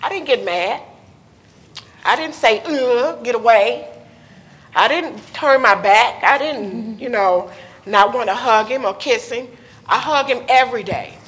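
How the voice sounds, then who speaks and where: A woman with a slightly high voice gives personal testimony at a conference panel. She talks candidly and emotionally, sometimes nervous and close to tears, into a handheld mic in a hall. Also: a little slow, fairly bright tone. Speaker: panel speaker, mother. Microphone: handheld microphone.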